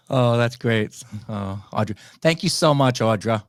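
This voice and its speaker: A man's voice: medium pitch, dry recording, studio quality. An English man hosting a casual interview, effusive and gushing with praise for his guest. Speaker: podcast host.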